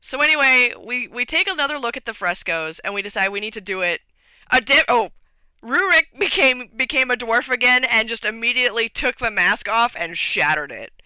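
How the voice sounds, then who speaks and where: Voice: medium pitch, expressive, a little fast, hardly any pauses, pushed and bright, smooth, dry recording, low-quality recording. A streamer rambling through a casual recap of a tabletop game session, with lots of fillers and restarts.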